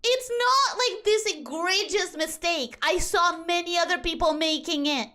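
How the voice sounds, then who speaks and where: A woman's voice: very high-pitched, a little slow, bright, forceful tone. A young woman whose first language is Spanish, chatting casually and animatedly while streaming a game, rambling as she talks. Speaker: VTuber streamer.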